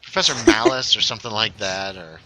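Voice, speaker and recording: A man chatting casually with a friend while playing a video game, easygoing and quick to laugh. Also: on the low side, crowd noise. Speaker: streamer playing Minecraft with a friend. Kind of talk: casual gameplay chat.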